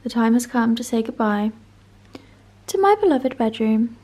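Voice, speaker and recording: A young woman in her twenties chatting casually to camera in a vlog, excitable and full of fillers. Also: on the high side, moderate pace. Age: 20s. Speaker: vlogger. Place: indoors, mostly empty new flat. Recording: echoey room, faint background noise.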